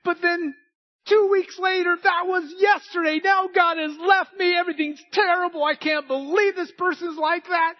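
Preacher putting on a shrill self-pitying whiner, shouting gripes; brief: high, dry, lo-fi. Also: male voice, steady tone, moderate pace. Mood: whining. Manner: high whining, shouting complaints. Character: whiny complaining grown man, self-pitying. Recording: dull lo-fi recording.

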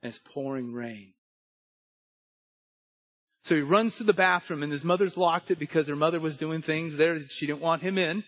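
A man preaching a sermon, telling a story and moving between hushed and emphatic delivery. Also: on the high side, moderate pace, pauses often, muffled recording.

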